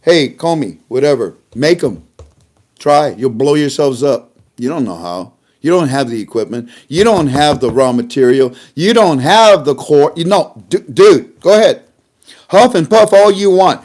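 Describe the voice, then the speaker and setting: A man talks through his commentary in a loose, mocking way, with a pitch that swings widely. He chuckles between remarks and keeps acting out quick back-and-forth exchanges. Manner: animated, mocking, acts out dialogues. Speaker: online commentator. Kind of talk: casual political commentary.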